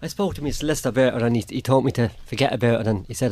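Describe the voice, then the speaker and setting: A man's voice: medium pitch, rapid-fire, a little mellow, slight background noise. An Irish man giving a plain spoken account as an interview guest, acting out what others said to him. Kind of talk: personal account in a radio interview.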